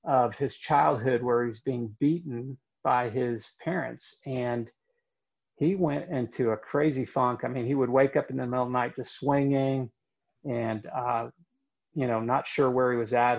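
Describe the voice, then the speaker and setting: A man telling a story in conversation, earnest and halting, with many fillers. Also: medium pitch, fairly even intonation, vocal fry, lo-fi sound.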